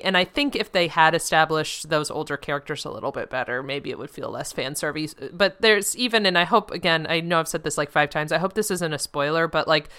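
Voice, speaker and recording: A woman co-hosting a podcast, chatting in an animated, giggly way. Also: lowish voice, clean tone. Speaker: podcast co-host. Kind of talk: casual chat.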